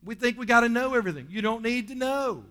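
Bright-voiced pastor in a reverberant sanctuary. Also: male voice, fast talker. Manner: lively, dropping low and soft for stories, rising loud to exhort. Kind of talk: sermon. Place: church sanctuary.

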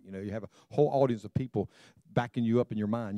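Speaking rapid-fire in a dark, medium-pitched voice, a middle-aged pastor addresses his congregation directly during a sermon. His stories poke fun at himself, and no room sound can be heard.

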